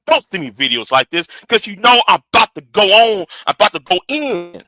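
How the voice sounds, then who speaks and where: A man hosting a livestream argues his points in a high, lively voice that swoops up and down. His tone is very bright and cutting, and the sound is close and dry with no room around it. He talks straight to his viewers. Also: a little fast, dry recording. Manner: animated, argumentative, talks straight to his audience. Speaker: livestream host. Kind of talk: livestream commentary.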